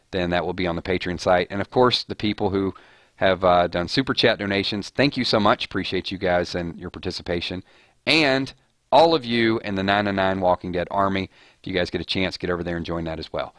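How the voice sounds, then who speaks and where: Rambling male streamer with a low voice. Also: fairly bright tone, dry recording. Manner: rambling, with frequent restarts and filler. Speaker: host of a live show about a TV series. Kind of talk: casual live-stream chat.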